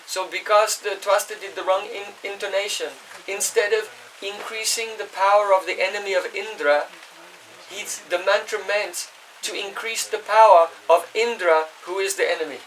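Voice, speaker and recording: A man's voice: sits high, steady tone, normal speed, fairly bright tone, a little hiss or hum. A man giving a scripture class, explaining at length, chanting Sanskrit verses and checking in with his listeners. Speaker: spiritual teacher. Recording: voice distant from the mic.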